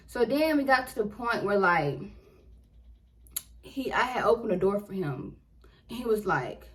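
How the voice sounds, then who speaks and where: A woman's voice: mid-range voice, unhurried, poor audio. A woman in her twenties telling a story casually and with animation, full of slang, acting out what she said back then. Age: 20s. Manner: animated, slangy, acts out her own quotes. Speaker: vlogger.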